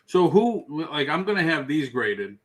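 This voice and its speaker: A man's voice: fairly high pitch, very animated, unhurried, a crowd in the background. A man hosting a talk show, asking eager questions and laughing along. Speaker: host. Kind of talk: casual chat.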